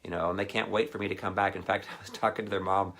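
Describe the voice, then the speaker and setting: A man's voice: low-pitched, rapid-fire. A man giving a casual, rambling sermon, telling a personal anecdote and acting out what others said. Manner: rambling anecdotal delivery with animated quoted voices. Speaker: ministry speaker.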